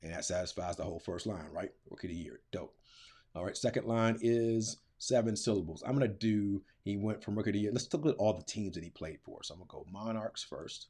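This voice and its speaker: A man's voice: fairly low pitch, a little fast, a little mellow, slightly rough. A middle-aged man teaching, walking through a lesson in a casual, thinking-aloud way, with filler words and slang. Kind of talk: screen-recorded classroom tutorial.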